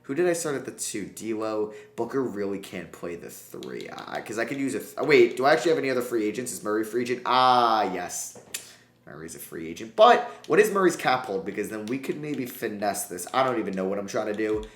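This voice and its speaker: A man with a fairly low voice gives casual commentary on a basketball sim playthrough. He swings from groaning pleas to sudden excited shouts. The recording has a noticeably roomy echo. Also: fairly quick. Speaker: gaming YouTuber.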